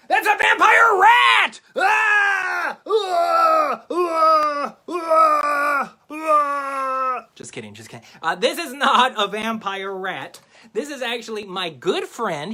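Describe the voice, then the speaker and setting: Animated goofy man doing a kids' magic show. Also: high-pitched. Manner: goofy, playful, self-mocking, addresses kids directly. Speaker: children's magician.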